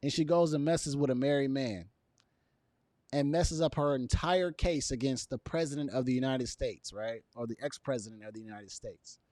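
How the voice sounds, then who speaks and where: A man's voice: medium pitch, normal speed, darkish tone, dry recording. A man giving casual opinion commentary to camera, emphatic and repetitive, with chuckles between his points. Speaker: video commentator.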